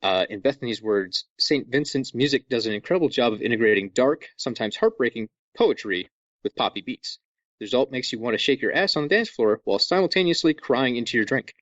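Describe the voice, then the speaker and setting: A man hosting a podcast in a casual, jokey way, walking listeners through things with lively asides. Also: mid-range voice, brisk, no echo, muffled recording. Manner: jokey, animated, over-explaining. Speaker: podcast host.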